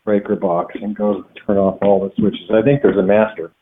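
A man's voice: lowish voice, level tone, normal speed, husky. A man on the phone, answering patiently and plainly, often hesitating with fillers. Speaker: call recipient. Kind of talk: phone conversation. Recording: tinny phone line.

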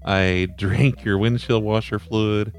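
A man hosting a prank call show, calm, dry and mocking as he teases an angry caller. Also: lowish voice, takes it slowly, clean tone.

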